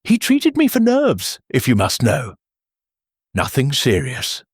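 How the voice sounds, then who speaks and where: A brittle, guarded wife of the household voiced by a male narrator, clipped and evasive. The voice is husky and unhurried. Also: medium pitch, huge pitch swings, dry recording, studio quality, full character voice.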